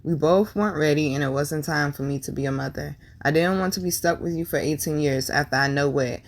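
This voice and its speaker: A woman's voice: deep voice, fairly quick. A young woman vlogger telling a painful personal story candidly, with slang and swearing, and repeating lines for emphasis. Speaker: tarot and numerology vlogger.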